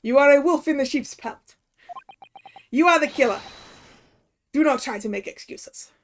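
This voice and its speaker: A woman's voice: high-pitched, expressive, slight background noise. A woman voicing a menacing male sailor with a put-on Russian accent in a video game. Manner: heavy, deliberate, threatening.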